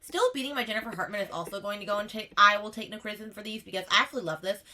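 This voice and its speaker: A woman talks fast in a casual book vlog, ranking her reads. Her voice is bright and forward, and she gushes with emphatic repeats and a running "okay?" at the end of her points. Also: medium pitch, a little hiss or hum. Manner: gushing, emphatic, tags lines with "okay?". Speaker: book vlogger. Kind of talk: casual tier-ranking chat.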